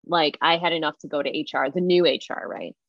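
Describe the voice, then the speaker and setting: Low-voiced woman retelling a story. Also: brisk, creaky, dry recording. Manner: animated retelling with many fillers. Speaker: interview guest. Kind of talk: casual storytelling. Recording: muffled lo-fi dry recording.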